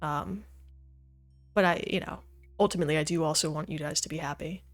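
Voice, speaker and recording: A woman's voice: low-pitched, fairly even intonation, brisk. A woman streaming a video game, chatting casually with her viewers as she plays and often laughing. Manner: chatty, talks to chat while playing, laughs often. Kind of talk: casual livestream gaming chat.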